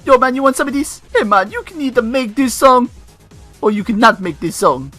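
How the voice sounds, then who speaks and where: A man putting on a boastful rapper who chants nonsense rhymes and shouts at the listener. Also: very high-pitched, very animated, brisk, soft background music, pitched above the performer's own voice, heavily acted. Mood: hyped. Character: boastful male rapper hyping his rhymes.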